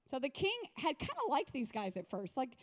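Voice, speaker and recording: High-voiced woman pastor, joking sermon. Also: fairly quick. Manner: lively, joking, conversational. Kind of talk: sermon at a women's retreat.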